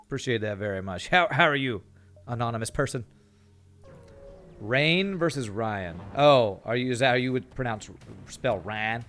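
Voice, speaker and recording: A man's voice: medium pitch, animated, moderate pace, fairly bright tone. A man from California streaming a game, chatting to viewers in a rambling way and often repeating words while he thinks. He sounds tired after a busy season. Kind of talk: casual gameplay commentary with chat.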